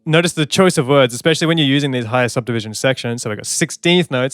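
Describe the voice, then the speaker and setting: A man's voice: medium pitch, quick pace, a bit bright, no room sound, clean studio sound, faint music behind. A man, a songwriter, giving casual, enthusiastic commentary on an album and scatting melodies as he talks. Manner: enthusiastic, chatty, hums and scats melodies. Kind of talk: casual music reaction commentary.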